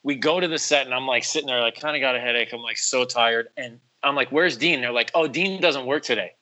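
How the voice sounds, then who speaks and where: Bright-voiced man telling a story. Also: medium pitch, fast, low-quality recording. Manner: animated, acts out quotes in other voices, says "bro" and "like" a lot. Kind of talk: casual storytelling chat.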